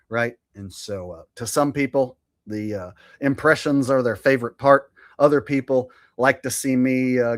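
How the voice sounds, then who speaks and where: A man hosting a live stream, who chats loosely in a joking, profane way. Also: medium pitch. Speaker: streamer host. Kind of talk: casual live-stream commentary.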